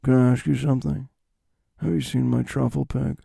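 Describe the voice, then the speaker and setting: A man doing a comic impression of a quiet, understated man searching for his pig, mumbling flatly. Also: mid-range voice, moderate pace, vocal fry, slightly rough, no room sound. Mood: deadpan.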